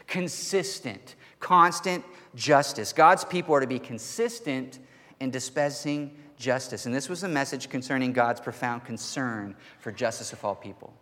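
A man preaching a sermon as pastor, earnest and emphatic, slowing down to stress key words. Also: on the high side, bright, forceful tone. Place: church hall. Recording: long reverb of a church hall.

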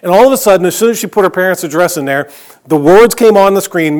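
A middle-aged male pastor preaching a sermon, telling stories in a conversational way and dropping to a hush on key phrases. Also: sits high, expressive, fast.

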